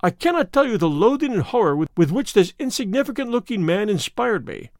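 High, lively male audiobook narrator. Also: no room sound, clean studio sound. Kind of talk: first-person storytelling narration.

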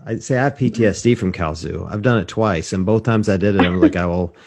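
A man with a lowish voice hosts a relaxed podcast chat over a video call. He rambles through long, self-deprecating stories and chuckles along the way. He is from Mississippi. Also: quick pace, vocal fry, husky. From Mississippi, USA. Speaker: podcast host. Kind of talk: casual interview chat.

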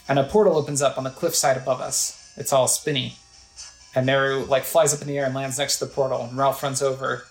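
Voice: medium pitch, flat delivery, a little fast. A game player casually narrating gameplay in a rambling, conversational way. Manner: rambling, conversational, filler-heavy. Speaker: let's play narrator. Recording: echoey room with faint music.

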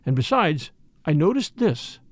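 A man's voice: a little high, very animated, a little slow, dry recording, studio quality. A man voicing a composed young Englishwoman. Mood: quiet.

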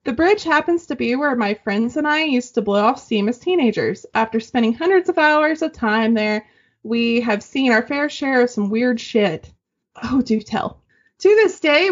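A woman co-hosting a podcast, reading listener stories aloud in casual, animated chat and swearing freely. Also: on the high side, breathy edge. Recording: dull lo-fi sound.

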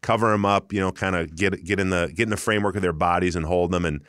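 Deep-voiced man, dry close sound. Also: fast talker, clean tone, no echo. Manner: relaxed, self-deprecating storytelling. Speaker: guest, former pro football lineman. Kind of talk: casual sports interview chat.

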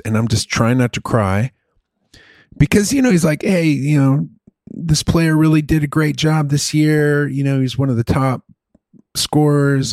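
A middle-aged man with a medium-pitched voice tells a long story in casual chat, recorded dry and at studio quality. He's animated and rambling, dropping in the occasional swear word and "dude."

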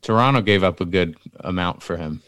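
Deep, smooth-voiced laid-back man. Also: a little fast, fairly bright tone, no room sound. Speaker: podcast co-host. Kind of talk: casual sports chat.

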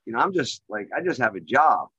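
A man's voice: brisk, husky, dry recording. Middle-aged male guest, talks in long rambling runs packed with fillers, sound a bit dull and dry. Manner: rambling, heavy on filler phrases; gets excited and louder at high points. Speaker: guest, real estate developer. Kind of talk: casual storytelling on a call. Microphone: remote call microphone.

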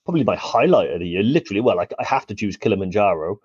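A man's voice: lowish voice, animated, racing, darkish tone, husky, no echo, muffled recording. A man co-hosting a casual live-stream chat, rambling and laughing often.

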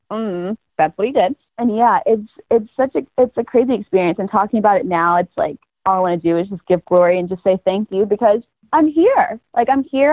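A woman's voice: medium pitch, no echo. A young woman from North Carolina, a guest in a casual interview, telling her story with animation and acting out what people said. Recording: tinny phone-like sound, very dry.

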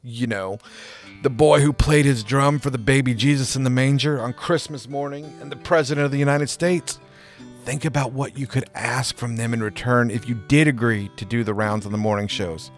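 A man's voice: mid-range voice, steady tone, normal speed, faint music behind, lightly acted. A man reading aloud, voicing a menacing, manipulative ex-husband who taunts and sneers. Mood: scheming.

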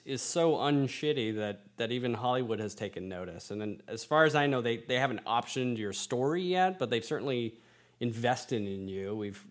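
Jokey male interviewer. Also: mid-range voice. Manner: jokey, teasing. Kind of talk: playful interview questions.

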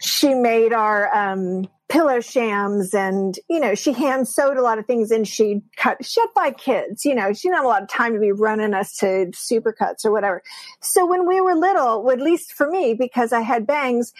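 A woman from San Diego, a guest on a podcast, telling stories in an animated way. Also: on the high side, moderate pace, dry recording. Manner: animated storyteller, laughs easily. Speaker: guest, intimacy coach. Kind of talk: casual podcast interview.

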